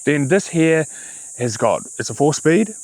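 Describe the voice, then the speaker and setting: A man's voice: a little high, a little slow, no room sound, poor audio. Chatty New Zealand man, dry close sound. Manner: relaxed, chatty, with filler words and self-corrections. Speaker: vlogger. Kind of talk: casual vehicle review.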